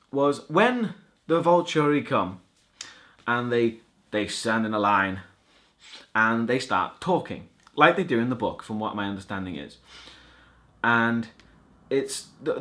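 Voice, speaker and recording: A man's voice: medium pitch, sharp tone. Sarcastic, foul-mouthed man reviewing a film. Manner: sarcastic, swears often, restarts and stammers. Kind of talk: casual spoken review.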